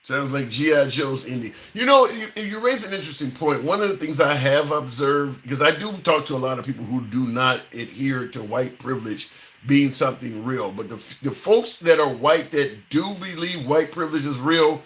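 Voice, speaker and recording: Bright-voiced man hosting a political chat. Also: mid-range voice, expressive, normal speed, low-quality recording. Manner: conversational, questioning, repeats phrases. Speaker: host.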